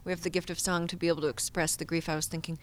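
Low-voiced woman musician, reflective. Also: little pitch movement, racing. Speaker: musician guest. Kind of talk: conversational interview.

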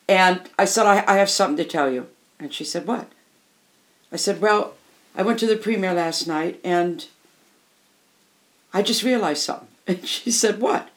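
An older woman, a musician appearing as an interview guest, shares candid stories with emphasis. Her voice sits at a medium pitch, and she often repeats phrases to drive her points home.

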